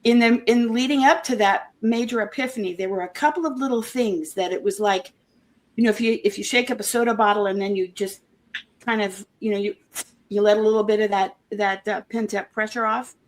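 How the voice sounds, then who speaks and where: A woman being interviewed, talking earnestly in a halting way, with many restarts and homely comparisons. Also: medium pitch, fairly even intonation. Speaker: interview guest, former member of a church group. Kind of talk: casual conversational interview.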